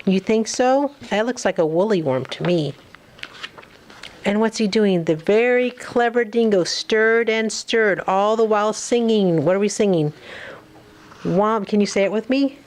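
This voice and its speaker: A woman reading a picture book aloud to a small child, slow and coaxing, asking questions as she goes. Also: mid-range voice, a little mellow.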